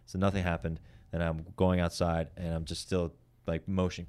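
A stand-up comedian telling a heated, profane story in casual chat. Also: male voice, low-pitched, little pitch movement, darkish tone, clear, resonant tone. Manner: fast, profane, heated retelling.

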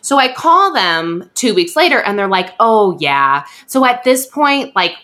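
A young woman hosting a podcast, telling a story in a chatty, animated way and acting out what others said. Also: medium pitch, a little slow. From USA. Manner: chatty, animated, acts out quoted voices. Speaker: podcast host. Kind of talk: casual storytelling chat.

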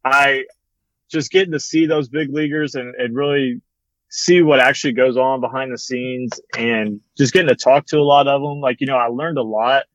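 A young man, a former bat boy, telling a story in casual chat, with lots of fillers and a relaxed manner. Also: mid-range voice, normal speed, dry recording, lo-fi sound. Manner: relaxed, rambling, many fillers like "like" and "you know".

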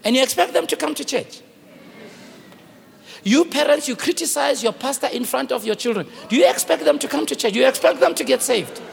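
A man's voice: very high voice, fairly quick, creaky. A man preaching a sermon as pastor in a church hall, pleading and storytelling with passion. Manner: impassioned preaching with personal storytelling. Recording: long hall reverb.

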